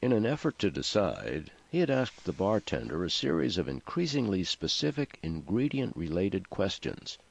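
A man narrating an audiobook with expressive storytelling. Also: deep voice, moderate pace, creaky, few pauses, slightly rough. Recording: dry, slightly muffled lo-fi recording.

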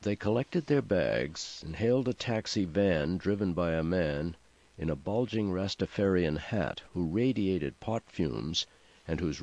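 A man narrates a comic novel in a deep, low voice with a dry, even delivery. The recording is dry and slightly dull. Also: no room sound. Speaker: audiobook narrator. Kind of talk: scripted narration.

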